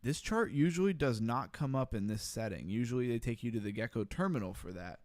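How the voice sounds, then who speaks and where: A man of middle pitch hosts a relaxed livestream. He laughs a lot and reads comments from his chat out loud. His voice sounds close and dry, with no room around it. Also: a little fast, no echo. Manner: laughing often, reading chat aloud. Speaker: livestream host.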